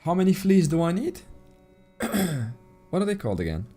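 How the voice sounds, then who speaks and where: A man with a non-native English accent streams a game, his voice warm and mellow. He chats in a relaxed, easy way and reads out and thanks his viewers in chat. Soft game music plays faintly behind him. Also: high-pitched, moderate pace. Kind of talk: casual live-stream commentary while playing.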